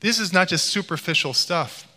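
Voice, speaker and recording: Man, middle-aged, bright ringing tone, slightly high voice, public lecture, hall reverb. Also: animated, normal speed. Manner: storytelling with playful voice impressions.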